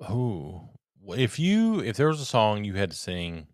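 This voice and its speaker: Low-voiced tipsy man, rambling and profane. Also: wildly swooping pitch, measured pace, dry recording, clean studio sound. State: tipsy from drinking. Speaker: podcast co-host. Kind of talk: casual chat.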